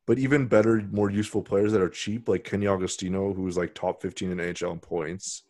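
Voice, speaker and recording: A man co-hosting a casual podcast over a video call, arguing his points with lots of halting restarts. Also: low voice, steady tone, darkish tone, no room sound, studio quality. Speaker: podcast co-host. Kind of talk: casual chat.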